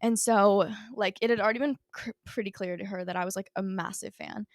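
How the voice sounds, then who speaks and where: A woman's voice: mid-range voice, fairly even intonation, brisk, no echo, clean studio sound. A young woman co-hosting a podcast, telling a story in a casual, gushing way and saying "like" constantly. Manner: gushing, fills nearly every phrase with "like". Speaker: podcast co-host.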